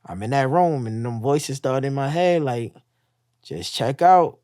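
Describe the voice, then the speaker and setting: A man's voice: medium pitch, moderate pace, warm tone, no echo, clean studio sound. A man casually telling a raw personal story, profane, acting out the voices he quotes. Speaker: guest telling his story.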